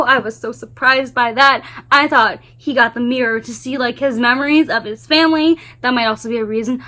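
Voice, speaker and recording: A book vlogger with a high-sitting, bright, forceful voice gives a gushing, emphatic spoiler review of a novel series. She swears often and repeats her exclamations.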